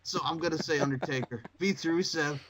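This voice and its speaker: A man co-hosting a wrestling podcast in casual chat, animated and profane, often breaking into shrill mocking voices. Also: brisk. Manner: animated, swearing, jumps into shrill mocking impressions. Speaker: podcast co-host.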